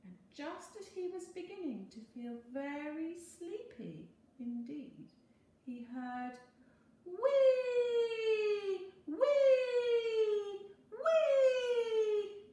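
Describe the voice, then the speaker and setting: A woman teacher reading a picture book aloud in a slow, expressive storytelling voice. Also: high voice. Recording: very echoey room, faint hum.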